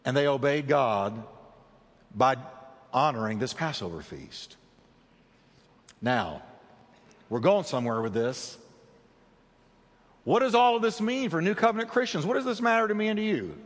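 Male pastor, animated sermon delivery, slightly high voice, long hall reverb. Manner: dramatic preaching with big swings in pitch and slowed emphasis.

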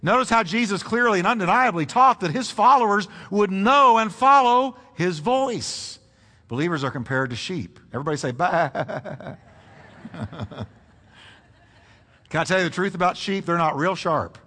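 Male pastor preaching, lively pitch, bright tone, church hall reverb. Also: a little slow. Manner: animated preaching with congregation call-and-response. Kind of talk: sermon.

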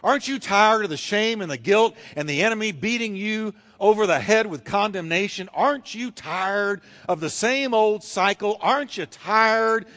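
A man's voice: high voice, normal speed, few pauses, a bit bright. A man preaching a fervent sermon, driving his points home with repeated rhetorical questions.

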